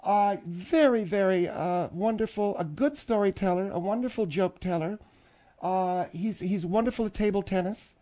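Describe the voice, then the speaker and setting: A man's voice: high voice, normal speed, dark tone, voice pushed up, natural voice. Man putting on a feisty older lady singer. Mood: indignant. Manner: indignant, defensive, gushing. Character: feisty older woman, a former backup singer. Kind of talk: radio comedy sketch.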